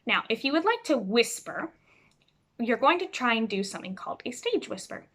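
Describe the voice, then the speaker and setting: A woman teaching students over a video call, speaking clearly and expressively as she explains reading aloud. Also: on the high side, moderate pace. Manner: clear, expressive, demonstrates voices. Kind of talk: instructional talk to students.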